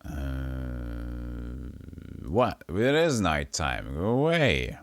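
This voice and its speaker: A deep-voiced man streaming an old role-playing game, chatting casually and reading its text aloud. His delivery swings up and down with plenty of life, and he trips over words and fixes them as he goes. The sound is dry and close, recorded at his home streaming setup. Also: normal speed, no echo. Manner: animated, reads with stumbles and self-corrections.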